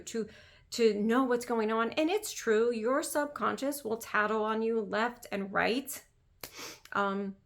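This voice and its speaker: A woman's voice: on the high side, gravelly, fairly bright tone. A woman business coach talking in a casual monologue, emphatic and chatty, repeating phrases and saying "like" often.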